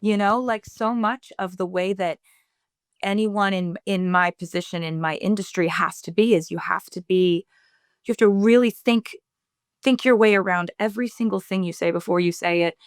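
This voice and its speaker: A woman's voice: mid-range voice, fairly even intonation, moderate pace, clear, resonant tone, no room sound, clean studio sound. A woman songwriter in a casual interview over a video call, thinking aloud and searching for her words as she explains her writing. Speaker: singer-songwriter guest.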